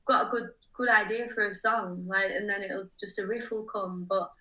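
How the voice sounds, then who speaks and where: A woman's voice: medium pitch, steady tone, moderate pace, bright, forceful tone. A young woman, a musician guest, chatting casually, packing in fillers and giggling often. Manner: chatty, says "like" constantly, giggly. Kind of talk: casual chat. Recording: a little distant from the mic.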